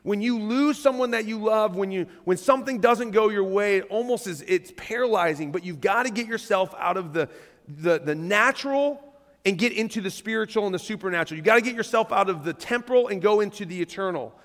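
A man preaching a sermon as pastor, talking in a casual, animated way and reading scripture aloud from a church stage. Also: high voice, a little fast. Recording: long reverb of a church hall.

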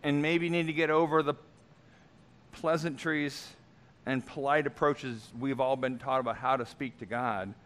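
A man preaches a sermon in a voice of ordinary pitch for a man. He builds to loud, emphatic stretches, then drops into quiet, casual asides. He often thinks aloud as he goes. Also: fairly even intonation, moderate pace. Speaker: pastor.

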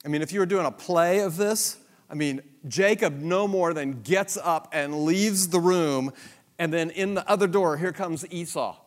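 A man's voice: fairly high pitch, moderate pace, in a large hall. A male Bible teacher reading scripture and adding commentary in a dramatic, storytelling way.

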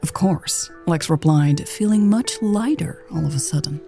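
A woman narrating a romance story in a calm, even audiobook style. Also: sits low, normal speed, gravelly, soft background music.

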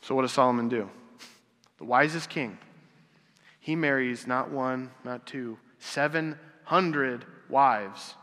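A man's voice: medium pitch, takes it slowly, a bit bright. A man preaching a casual, conversational sermon, asking rhetorical questions and acting out quotes. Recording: long hall reverb.

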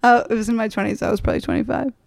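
A woman in her thirties co-hosting a podcast, chatty and laughing often with quick asides. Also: on the high side, steady tone, gravelly, dry recording, clean studio sound. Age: 30s. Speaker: podcast co-host. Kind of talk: casual chat.

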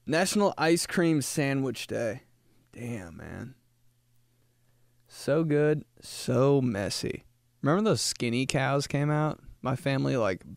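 A young man hosting a podcast, riffing through a casual comedic monologue, laughing often and jumping into high put-on voices when he quotes people. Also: creaky, no room sound, clean studio sound. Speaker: podcast host.

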